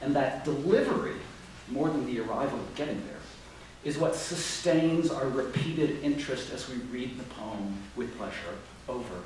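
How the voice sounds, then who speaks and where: A man giving a measured literary lecture on poetry, tapping out stresses aloud, in a lecture room at a writing residency. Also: mid-range voice, expressive, darkish tone, a little hiss or hum. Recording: very echoey room, distant mic.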